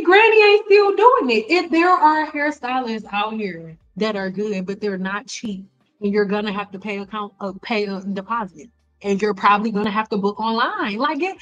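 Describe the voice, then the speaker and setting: A middle-aged woman cosmetologist hosting a casual live stream, blunt and animated, talking straight to her viewers with slang and exasperated repetition. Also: medium pitch, lo-fi sound. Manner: frequent laughs and exasperated repetition. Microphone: desk mic.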